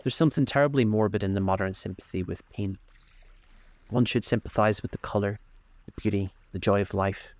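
A man's voice: fairly low pitch, steady tone, a little fast, darkish tone, close to an everyday voice. A man voicing a witty, languid young aristocrat who talks in drawling epigrams.

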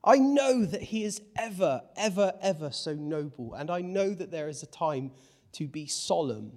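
Lively British preacher, a higher-voiced man. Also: moderate pace. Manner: animated, playful, swings from hushed to exclaiming. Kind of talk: lively sermon.

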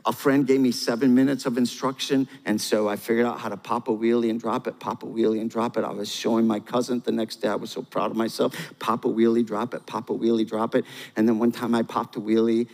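A man's voice: mid-range voice, flat delivery, fast talker, gravelly, hardly any pauses, a little mellow. Man preaching in a reverberant hall. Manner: storytelling, asks the crowd questions, repeats key phrases. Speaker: pastor. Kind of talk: sermon.

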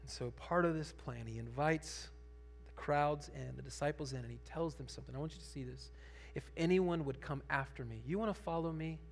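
A man pastor preaching a sermon, conversational at times and building to emphatic, animated preaching. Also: fairly high pitch, brisk, vocal fry, faint music behind.

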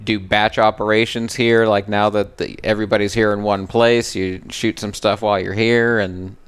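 A man's voice: fairly low pitch, flat delivery, normal speed, clean tone. A man hosting a podcast in casual, chatty conversation. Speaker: podcast host. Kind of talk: casual chat.

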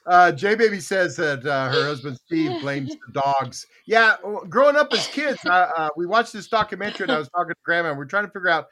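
A man's voice: high-pitched, lively intonation, a little fast, few pauses, pushed and bright. An older man hosting a casual podcast chat, telling stories animatedly with laughter and acted-out quotes. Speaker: podcast host.

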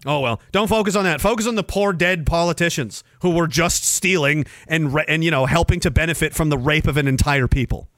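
Sarcastic ranting man, bright and dry. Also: a little high, a little fast, hardly any pauses, no echo. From Canada. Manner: sarcastic, profane, loud and animated. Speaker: podcast host. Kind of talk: angry ranting monologue.

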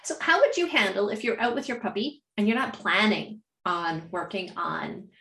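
A woman with a mid-range voice, heard with a roomy echo around her. She talks in a measured, orderly way as she lays out her plans, and she laughs easily. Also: medium pitch, vocal fry, a bit bright. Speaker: dog trainer, co-host. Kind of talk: casual explanatory chat.

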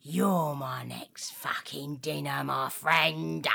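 A man voicing a menacing gruff guard dog. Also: takes it slowly, pushed and bright, heavily acted. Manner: low, threatening growl.

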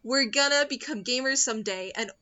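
A woman's voice: fairly high pitch, brisk, bright, forceful tone. A young woman in casual chat, rambling and giggling as she recaps a movie and acts out the characters' lines. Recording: dull lo-fi sound.

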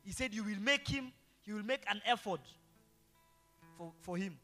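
A man's voice: high-pitched, lively intonation, moderate pace, pushed and bright. A male pastor preaching a sermon, throwing rhetorical questions to the congregation. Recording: long hall reverb with faint guitar.

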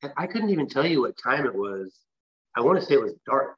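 A man's voice: medium pitch, big pitch swings, brisk, husky, dull audio. A man from the West Coast of the US, a guest telling a long personal story in a casual, rambling way with restarts. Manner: rambling, with restarts and filler phrases. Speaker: interview guest.

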